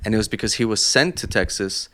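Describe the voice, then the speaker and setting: A man with a fairly low voice talks through his ideas on a podcast. He builds his points slowly with long examples, in a relaxed, conversational way. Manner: thoughtful, explains at length with examples. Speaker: podcast co-host. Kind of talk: casual chat.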